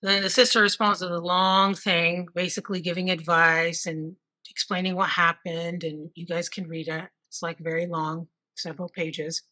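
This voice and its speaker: A woman's voice: fairly low pitch, flat delivery, moderate pace, sharp tone. A woman telling a true crime story in a casual, chatty way, reading text messages aloud and adding her own asides. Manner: conversational, reads out texts with asides.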